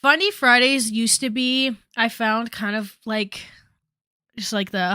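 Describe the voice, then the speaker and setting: A woman's voice: a little high, fairly even intonation, a little slow, sharp tone, clear, resonant tone, dry recording, studio quality. A young woman chatting casually on a commentary stream, rambling with many fillers and asides.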